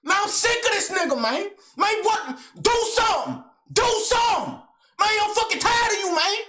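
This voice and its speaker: A man's voice: extremely high pitch, expressive, normal speed, pushed and bright, echoey room, pitched above the performer's own voice, exaggerated voice. A man acting out his drunk, furious uncle who screams and dares him to fight. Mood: screaming rage. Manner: screaming, taunting.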